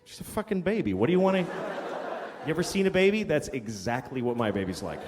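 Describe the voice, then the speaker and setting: A middle-aged man doing a stand-up routine, with a profane, deadpan confessional delivery. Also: medium pitch, a little fast. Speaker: stand-up comedian. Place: large hall before a live audience. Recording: long hall reverb with background noise.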